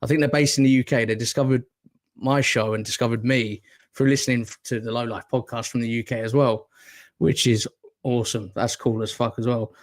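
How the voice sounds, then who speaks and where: A man's voice: mid-range voice, fairly even intonation, fairly quick. Man with a northern english accent, podcast host, rambling, sweary, self-mocking, casual chat. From Northern England.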